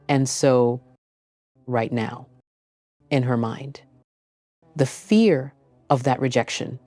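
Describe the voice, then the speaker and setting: Woman narrator, very deep voice, dark tone, dry close sound, deliberate emphatic delivery. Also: no echo. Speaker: relationship advice narrator. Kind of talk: scripted motivational narration.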